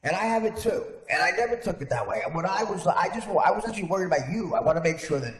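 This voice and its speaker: A man's voice: sits high, animated, quick pace. A man hosting a podcast in casual chat, rambling with frequent restarts. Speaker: podcast host. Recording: echoey room with long reverb.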